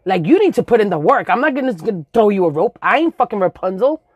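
A woman's voice: mid-range voice, big pitch swings, fast talker, husky, no echo, dull audio. A woman in her forties from the Dominican Republic, telling a comic story with swearing, sound effects and Spanish words mixed in.

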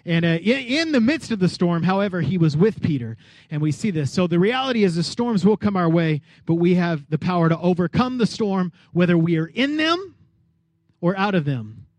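Pastor, man, high voice, lively sermon with acted-out scenes, dry close sound. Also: moderate pace, no echo. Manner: lively, acts out Bible characters, asks the crowd questions.

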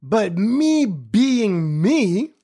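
Guy on a podcast ranting about work, talks slow, swears a lot, voice jumps all over. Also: sits high, husky. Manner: animated, profane, repeats phrases for emphasis. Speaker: podcast host. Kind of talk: casual storytelling monologue.

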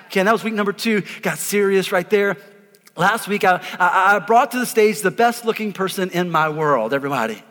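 Man, pastor, very high voice, emphatic sermon, long reverb from the church hall. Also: lively intonation, brisk, fairly bright tone. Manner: emphatic, repeats words, asks the congregation to respond. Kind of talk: energetic sermon. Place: church auditorium before a congregation.

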